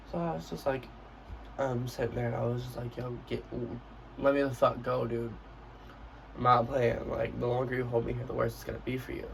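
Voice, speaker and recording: A man's voice: mid-range voice, vocal fry, recorded from a distance, slight background noise, low-quality recording. A young man telling a storytime vlog in a brash, profane, casual way, acting out what he said. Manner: brash, profane, acts out quotes of himself. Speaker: vlogger.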